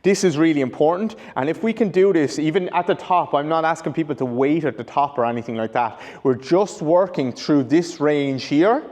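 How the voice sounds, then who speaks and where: A man's voice: on the high side, moderate pace, few pauses, darkish tone. Man coaching an exercise in an echoey room. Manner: explanatory, restarts and corrects himself. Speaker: rehab coach. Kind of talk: instructional demonstration. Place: training room with a whiteboard. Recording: long reverb in a large room.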